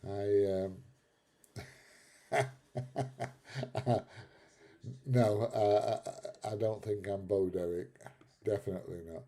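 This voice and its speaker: A man's voice: on the low side, fairly even intonation, slow, pauses often, warm tone. A middle-aged British man hosting a live stream, chatting casually through viewer comments, laughing often and calling people mate. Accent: British English.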